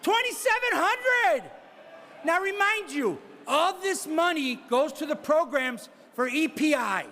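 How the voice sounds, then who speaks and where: A man working as a charity auctioneer, calling bids live at a gala, teasing bidders and shouting out numbers with whoops of excitement. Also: very high-pitched, unhurried, a little hiss or hum. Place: banquet hall at a charity gala.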